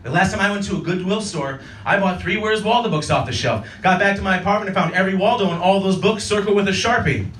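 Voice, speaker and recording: A man's voice: high-pitched, quick pace, hardly any pauses, background noise. A man in his thirties performing a stand-up set in a comedy club, acting out characters in silly voices. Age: 30s. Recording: roomy club audio from a distance. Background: audience laughter.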